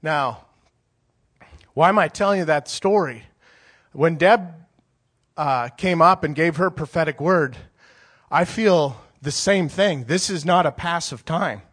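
A man's voice: a little high, measured pace, long pauses, fairly bright tone, slightly rough. Man preaching in a chatty, rambling way. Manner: conversational, rambling with many restarts. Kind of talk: sermon storytelling.

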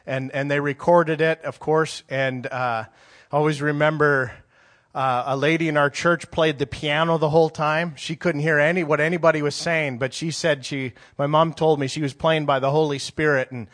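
A man in his forties preaches in a loose, conversational storytelling style. His voice sits a little high for a man. He restarts and circles back often as he talks. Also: fairly even intonation, normal speed, fairly bright tone. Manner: conversational, rambling with many restarts. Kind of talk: sermon storytelling.

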